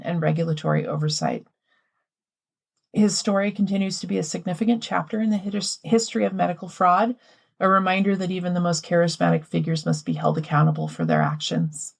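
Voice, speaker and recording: Low gravelly woman podcast storyteller. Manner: reads a prepared story, adds asides. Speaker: podcast co-host. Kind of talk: scripted history storytelling then casual chat.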